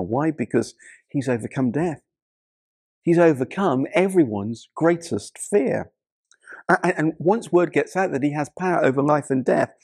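A male pastor delivers a sermon in a gravelly, textured voice. The sound is dry and close, with no room around it. He often repeats words as he starts a thought, then rises into loud, dramatic bursts before dropping low again. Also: no echo. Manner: repeats words when starting sentences, dramatic shifts in pitch and loudness.

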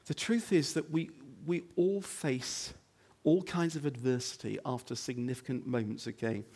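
A man preaching a sermon as the pastor of his church, talking conversationally with rhetorical questions and "okay?" asides, dropping to hushed lines and rising to loud emphatic ones. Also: steady tone, moderate pace. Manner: swings between hushed low moments and loud emphatic stretches. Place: church building.

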